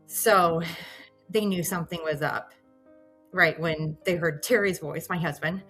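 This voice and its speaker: Bright-voiced woman in her thirties. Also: lowish voice. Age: 30s. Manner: animated, acts out her own past reactions. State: near tears at times. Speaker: patient telling her story. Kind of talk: emotional personal storytelling.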